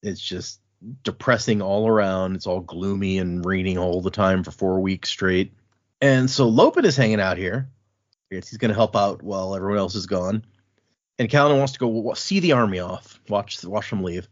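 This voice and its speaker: A man's voice: sits low, normal speed. A man co-hosting a podcast, chatting casually about a book, laughing often and retelling scenes. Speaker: podcast co-host. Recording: dull lo-fi audio.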